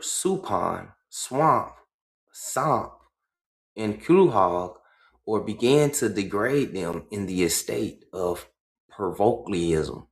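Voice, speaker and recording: This livestream host has a fairly low, gravelly voice that echoes in a reverberant space. He reads a book slowly, halting frequently to explain it himself and tossing in "right?" to check in.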